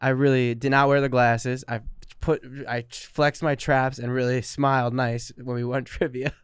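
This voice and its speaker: Easygoing comedy podcast co-host, a man in his thirties with a smooth, resonant voice. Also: medium pitch, flat delivery, normal speed, no echo, studio quality. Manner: laughs often, easygoing. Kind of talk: casual comedic chat.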